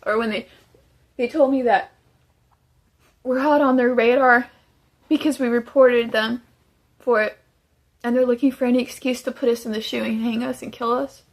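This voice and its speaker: A woman's voice: a little high, steady tone, normal speed, pauses often. A woman giving emotional testimony as a former inmate, urgent and pleading. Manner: urgent, pleading, tearful at times.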